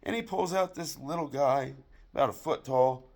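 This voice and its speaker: A man doing crude stand-up comedy, telling a long joke story with acted-out dialogue in a deadpan way. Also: medium pitch, normal speed, gravelly. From United States.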